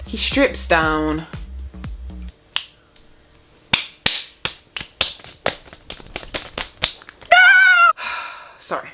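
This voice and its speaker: A young woman telling a storytime straight to her viewers in a casual vlog, animated and jokey. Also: sits high, very slow, long pauses, faint music behind.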